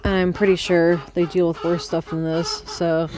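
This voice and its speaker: With chickens clucking around her coop, a woman records her book club podcast on a handheld phone, rambling excitedly and cursing without restraint. She has a fairly low voice, speaks at a normal speed with few pauses, and the background is noisy.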